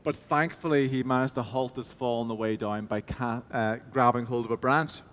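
A man's voice: mid-range voice, steady tone, normal speed, a bit bright, long reverb tail. A man preaching a sermon, telling a story with hesitant restarts before moving into reflective teaching.

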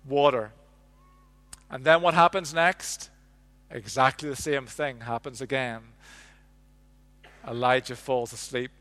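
A man preaching a sermon, telling the story with lively ups and downs and dropping to a hush for quiet lines. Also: mid-range voice, takes it slowly, pauses often. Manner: animated storytelling, drops to a hush on quotes. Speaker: pastor.

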